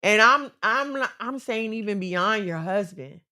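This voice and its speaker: A woman's voice: mid-range voice, lively intonation, unhurried, sharp tone. A woman co-hosting a casual chat, giving earnest, faith-based relationship advice and repeating phrases for emphasis.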